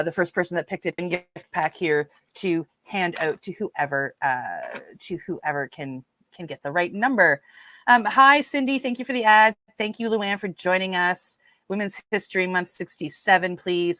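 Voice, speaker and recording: A woman's voice: lowish voice, lively intonation, normal speed, fairly bright tone, no room sound. A woman with a Newfoundland accent hosting a casual livestream, chatting with viewers and reading their comments aloud with lots of fillers. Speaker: livestream host.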